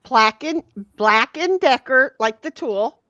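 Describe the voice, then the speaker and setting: A woman's voice: high-pitched, lively intonation, slow, a bit bright, dry recording. A woman hosting a livestream, reading viewer comments aloud in a bawdy, giggly, teasing casual chat. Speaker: livestream host. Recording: dull lo-fi dry sound.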